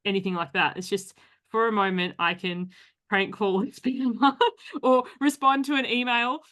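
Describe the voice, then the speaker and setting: Woman podcast host, mid-pitched, chatty and laughing, casual conversation. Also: steady tone, fairly bright tone. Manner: chatty, quick asides and frequent laughter.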